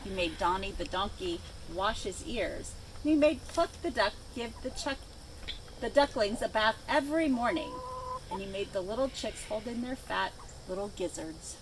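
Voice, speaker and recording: A woman librarian reading a picture book aloud to children outdoors by a chicken coop, with expressive storytelling. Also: mid-range voice, normal speed. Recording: outdoor noise with farm animals.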